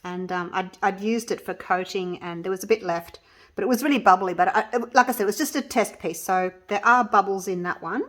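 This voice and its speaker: In her casual resin craft vlog, a woman chats with viewers from her home workspace while she works, often letting sentences trail off before restarting them. Her voice is mid-range and fairly bright, and she talks briskly.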